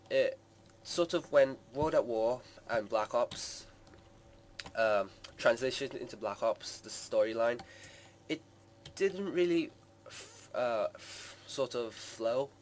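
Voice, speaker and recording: A man's voice: medium pitch, a little hiss or hum. A man hosting a gaming channel, giving live gameplay commentary in a rambling way full of hedges and fillers. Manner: rambling, hedging with many "sort of" and "like".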